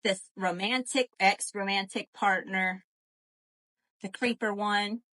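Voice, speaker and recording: A woman doing a live tarot reading, animated and profane, calling to her viewers as y'all. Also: medium pitch, slow. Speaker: tarot reader.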